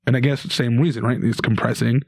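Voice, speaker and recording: A man's voice: medium pitch, fast, creaky, dry recording, clean studio sound. Canadian man telling a story. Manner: animated storyteller with many restarts. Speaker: guest comedian. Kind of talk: casual storytelling.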